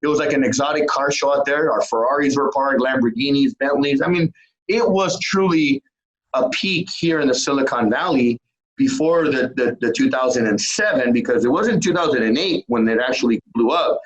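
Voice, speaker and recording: A middle-aged man from California, a guest telling a story in a lively, casual way and acting out both sides of the exchanges. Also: mid-range voice, moderate pace, lo-fi sound. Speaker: guest, entrepreneur.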